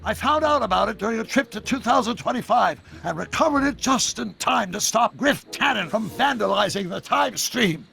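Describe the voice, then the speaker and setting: An actor playing an eccentric older male scientist in a video game, animated and full of technical talk. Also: sits high, moderate pace, gravelly, hardly any pauses, exaggerated voice. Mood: fond. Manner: animated, talks in long technical run-ons. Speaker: time-travelling inventor. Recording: video game audio with faint background music.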